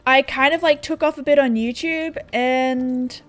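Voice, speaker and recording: A woman's voice: high voice, fairly even intonation, measured pace. A young Australian woman chatting casually and sarcastically while playing a game, laughing often. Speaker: gaming YouTuber. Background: faint background music.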